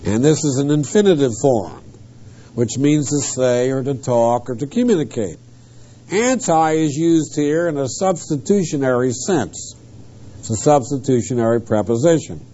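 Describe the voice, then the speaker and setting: A man teaches an expository sermon, stressing each Greek word and grammar point with emphasis. His voice sits a little high but sounds mellow and soft-edged. The recording is muffled and lo-fi, like an old tape. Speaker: preacher.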